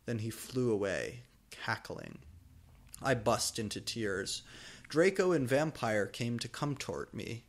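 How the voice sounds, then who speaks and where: A man's voice: mid-range voice, a little slow. A man giving a comedic reading of fanfiction, reading overwrought prose with mock drama. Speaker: fanfiction reader.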